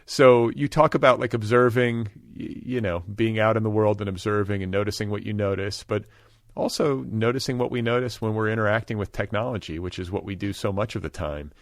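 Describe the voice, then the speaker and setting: A man's voice: lowish voice, brisk, no echo, clean studio sound. A man hosting a podcast, asking curious, chatty questions in a casual interview. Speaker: podcast host.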